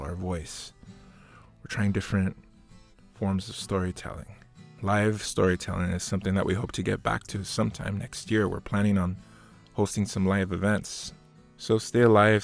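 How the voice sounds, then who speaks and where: A man's voice: sits low, gravelly. A man co-hosting a podcast, talking earnestly and candidly with some light joking. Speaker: podcast co-host. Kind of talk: casual podcast introduction. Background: faint guitar music.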